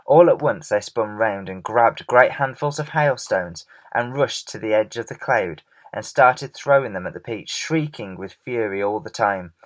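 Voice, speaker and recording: A man reading a children's storybook aloud in an expressive, measured way. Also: lowish voice.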